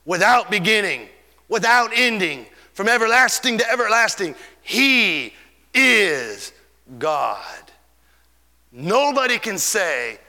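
High bright preacher guy, really fired up, long hall echo behind him. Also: big pitch swings, takes it slowly. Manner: fervent preaching, stretches key words, swings loud and soft. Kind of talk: sermon.

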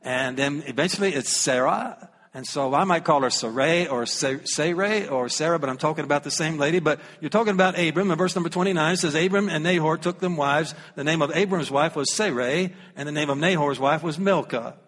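A man's voice: fairly high pitch, quick pace, few pauses, fairly bright tone, big-room sound. A man with a Southern US accent preaching a sermon as pastor, folksy and humorous, reading scripture aloud.

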